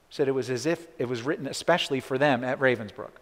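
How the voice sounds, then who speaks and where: A man's voice: medium pitch, very fast, few pauses. Man preaching in a reverberant hall. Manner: earnest storytelling, acts out quoted voices. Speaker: pastor. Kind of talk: sermon.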